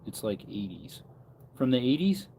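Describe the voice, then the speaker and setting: A man's voice: mid-range voice, very animated, moderate pace, creaky, mellow, a little hiss or hum. A man in his thirties chatting casually on a livestream, rambling and answering chat comments aloud, outdoors near farm animals. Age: 30s.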